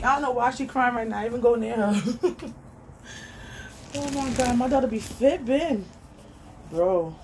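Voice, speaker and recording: A woman's voice: on the high side, background noise. Chatty woman vlogging at home. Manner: chatty, scolding her daughter, reads viewer comments aloud. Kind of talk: casual chat.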